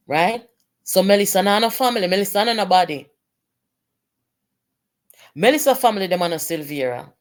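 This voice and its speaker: A woman's voice: lowish voice, animated, normal speed, pauses often. A woman with a Jamaican accent, delivering impassioned political commentary with indignant, emphatic rhetorical questions.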